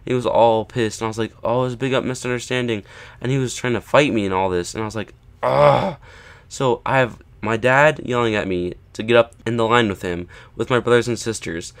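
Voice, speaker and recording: A man's voice: fairly low pitch, quick pace, few pauses, clean tone. A man casually telling a story to camera, often checking in with "right?" and "okay?" and acting out what people said. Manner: acts out quoted lines with rising emphasis. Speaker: vlogger.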